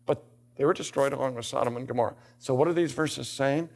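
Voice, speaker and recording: A man's voice: mid-range voice, fast talker, vocal fry. An older man giving a theology lecture in a classroom, reading scripture aloud and asking rhetorical questions, building to emphatic bursts.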